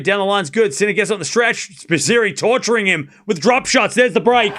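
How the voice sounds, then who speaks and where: A man hosting a live watchalong stream, calling the play and reacting bluntly, swearing freely. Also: high-pitched. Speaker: streamer host.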